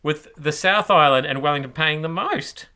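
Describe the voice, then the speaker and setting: A New man hosting a comic news show, with a high and bright voice. He wanders through the stories with stumbling restarts and dry little asides. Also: normal speed. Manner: rambling, hesitant, wry asides. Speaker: comedy show host.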